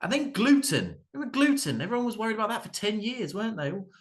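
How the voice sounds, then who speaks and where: A man in his thirties doing a stand-up set, halting and full of ums and restarts. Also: high voice, very animated. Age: 30s. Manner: hesitant, many ums and restarts. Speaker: stand-up comedian. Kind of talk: stand-up routine at an open mic.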